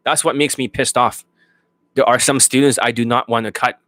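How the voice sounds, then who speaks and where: A blunt dating coach delivers a profane, off-the-cuff rant to his students. His voice sits at a middling male pitch. The sound is dry, with no room echo. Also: steady tone, moderate pace, fairly bright tone. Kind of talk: unscripted monologue to students.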